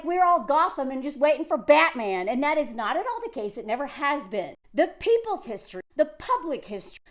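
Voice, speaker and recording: Chatty woman, high voice. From Southern United States. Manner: chatty, digressive, emphatic. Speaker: video creator. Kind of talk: casual talking-head commentary.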